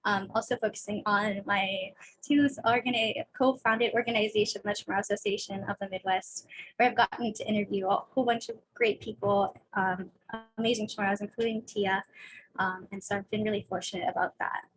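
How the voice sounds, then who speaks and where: Nervous young woman talking fast. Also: mid-range voice, steady tone, low-quality recording. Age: young adult. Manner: rushed, nervous, candid. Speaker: student panelist. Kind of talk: casual panel talk. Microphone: video call.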